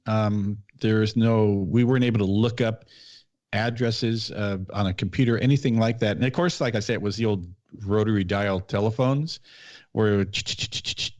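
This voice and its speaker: A man's voice: on the low side, normal speed, darkish tone, no room sound. Middle-aged man recalling police dispatch days. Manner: detailed, recollecting, frequent restarts. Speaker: podcast host, former police officer. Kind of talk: casual storytelling chat. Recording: dull, dry podcast audio.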